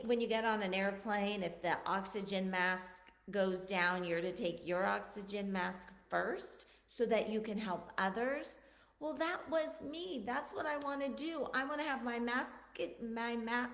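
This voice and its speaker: A woman vlogger talks earnestly and emotionally to her viewers about her own struggles, often repeating words for emphasis in a personal, confessional address to camera. Her voice is on the high side and a bit bright, in an echoey room.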